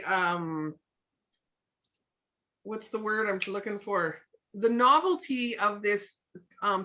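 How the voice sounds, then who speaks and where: A woman's voice: medium pitch, pushed and bright. A middle-aged woman leading a live coaching talk, chatty and encouraging, often acting out little everyday scenes. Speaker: sales team trainer. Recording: muffled lo-fi room sound.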